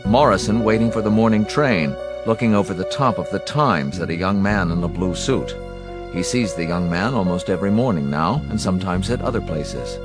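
A deep-voiced man narrates an audiobook in a measured, dry way. His low voice stays steady through long passages. Music plays clearly beneath him.

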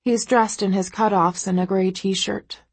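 A woman's voice: mid-range voice, fairly even intonation, normal speed, husky, no room sound. A woman narrating a first-person audiobook in an intimate, emotive way.

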